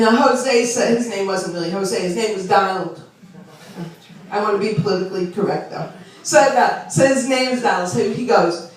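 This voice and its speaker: A woman doing a chatty, self-deprecating stand-up set and teasing the audience. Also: medium pitch. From Long Island, New York. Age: 60s. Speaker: stand-up comedian. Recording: echoey club room from far off.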